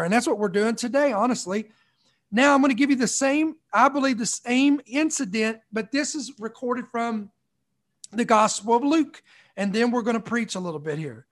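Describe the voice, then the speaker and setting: A man's voice: very high-pitched, lively intonation, normal speed. A man preaching a sermon, reading scripture aloud and stopping to repeat and stress key lines.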